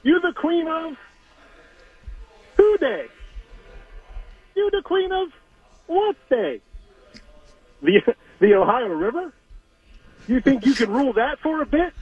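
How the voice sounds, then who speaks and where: A man on a tinny phone line rattles off comic rhyming trash talk in a playful, mocking voice. His pitch is high and swings widely, and he takes his time with every line. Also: very animated, slow, pauses often, dry recording. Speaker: caller doing a weekly rap segment.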